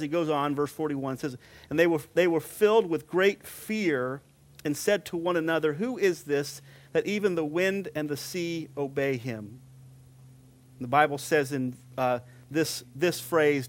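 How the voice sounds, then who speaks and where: A middle-aged man with a fairly high voice preaches a sermon. He repeats phrases for emphasis and slows down to stress scripture quotes.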